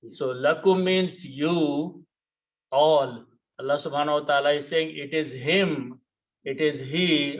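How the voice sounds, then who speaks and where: A man teaching a Quran lesson, explaining words step by step, repeating key terms and pausing on "okay". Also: on the high side, poor audio.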